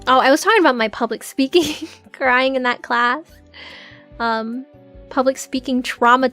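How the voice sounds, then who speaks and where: Giggly young woman streamer, high voice. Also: moderate pace, a bit bright, soft background music. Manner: chatty, giggly, full of filler "like"s. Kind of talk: casual live-stream chat.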